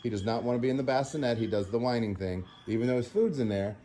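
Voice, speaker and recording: An animal sanctuary vlogger, worn out after a night without sleep, rambles at home to the camera in a casual chat. His medium-pitched voice is expressive and quick, full of fillers, and he slips into soft baby talk with a puppy.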